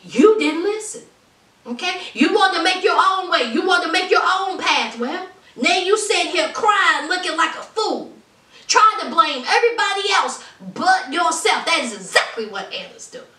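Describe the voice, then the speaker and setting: A woman's voice: extremely high pitch, lively intonation, normal speed, bright, forceful tone, recorded from a distance. A woman reviewing a reality TV show in a casual vlog, ranting with emphasis and calling her viewers honey. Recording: roomy sound from off the mic.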